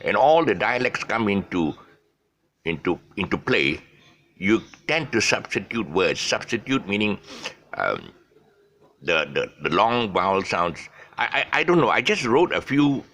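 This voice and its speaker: A man's voice: fairly low pitch, very animated, unhurried, fairly bright tone. A man with a Malaysian English accent giving a casual, rambling pronunciation lesson, full of fillers, restarts and jokey asides.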